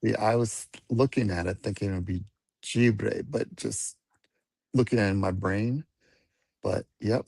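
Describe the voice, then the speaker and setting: A man on a video call, relaxed, patiently explaining pronunciation. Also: on the low side, a little slow, gravelly, slightly rough, no echo, clean studio sound. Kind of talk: casual video-call chat.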